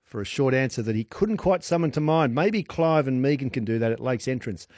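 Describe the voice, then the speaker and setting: A man hosts a radio call-in quiz in a bright, teasing way, with plenty of laughs. His voice sits at an ordinary pitch. The studio sound is close and dry. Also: animated, fairly quick, no echo. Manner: playful, teasing, laughs often.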